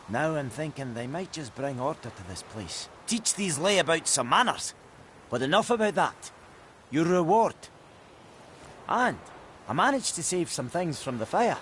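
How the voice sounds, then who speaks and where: An actor playing an aggrieved middle-aged village blacksmith in a video game, speaking in a blunt, grudging way. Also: male voice, medium pitch, a bit bright, slight background noise.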